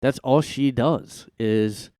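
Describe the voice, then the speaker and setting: A man runs a casual solo podcast from his room on a close mic, his talk rambling, profane and thick with "like." He speaks slowly in a medium-pitched, warm voice, and the recording is dry.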